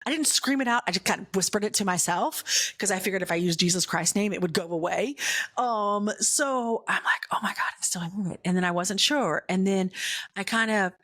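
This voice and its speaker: Speaking at medium pitch and normal speed, a woman podcast host tells a casual faith story about her own life. She's lively and chatty, leaning on "right?" and "like," and lowers her voice to a hush for the scary parts.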